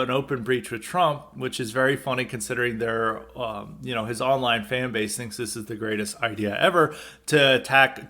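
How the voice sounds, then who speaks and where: A man's voice: medium pitch, pushed and bright. A man hosting a podcast, delivering an unscripted political commentary monologue in a loose, conversational way with wry chuckles. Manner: loose and conversational, frequent filler words and restarts, wry chuckles. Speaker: podcast host.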